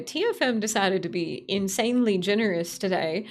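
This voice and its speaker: A woman's voice: on the low side, lively intonation, normal speed, few pauses. A young adult woman streaming, chatting casually with her chat, repeating greetings and laughing often.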